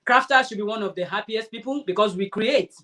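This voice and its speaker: A woman hosting a crafting livestream, chatting casually and warmly answering her viewers' comments. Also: medium pitch, brisk. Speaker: crafting channel host.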